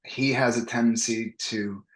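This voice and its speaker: A wrestling coach in his thirties tells stories in a casual interview, his medium-pitched voice unhurried in an echoey room. The storytelling is lively and animated, and he acts out the voices of the people he quotes.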